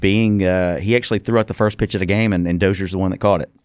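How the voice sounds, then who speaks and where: A man's voice: deep voice, fast, clear, resonant tone, no room sound, studio quality. A man hosting a casual sports talk show, running through game stats. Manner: reads off stats in a steady rundown.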